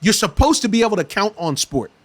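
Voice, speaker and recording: A man with a notably high speaking voice argues his case with passion. He talks in a casual discussion, circling back and repeating phrases as he builds momentum. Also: very animated, quick pace. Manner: impassioned, repetitive, restarts phrases. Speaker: podcast guest. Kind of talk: casual talk show discussion.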